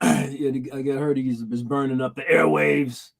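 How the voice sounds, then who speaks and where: A man's voice: mid-range voice, steady tone, normal speed, creaky. A man co-hosting a podcast, telling stories in casual slangy chat and laughing often. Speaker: podcast co-host.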